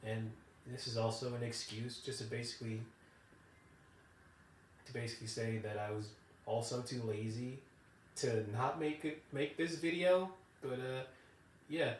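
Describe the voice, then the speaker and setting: A man's voice: mid-range voice, fairly even intonation, measured pace, long pauses, a little hiss or hum. A young man ranting casually as a vlogger in a rambling, profane, loose way. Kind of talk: casual rant to camera. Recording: roomy, distant from the mic.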